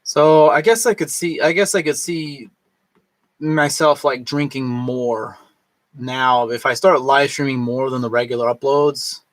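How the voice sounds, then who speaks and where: A tipsy man in his thirties rambles through a casual vlog, swearing freely and slipping into a higher voice to mimic others. His pitch sits in the middle range for a man. The sound is dry and close, with no room echo. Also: steady tone, measured pace. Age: 30s. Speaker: vlogger.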